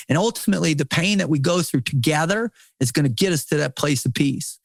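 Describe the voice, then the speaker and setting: Appearing on a podcast, a middle-aged man who was once a Navy SEAL talks in a passionate, casual, sermonizing way, heavy on profanity, repetition and "man." His fairly high, gravelly voice moves a little fast with hardly any pauses, and the recording is dry.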